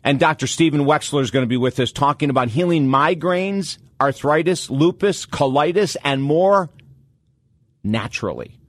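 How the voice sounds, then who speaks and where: A man's voice: on the high side, normal speed, dry recording. Pumped up guy hosting a radio talk show, motivational, dry close mic. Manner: energetic, motivational, animated delivery.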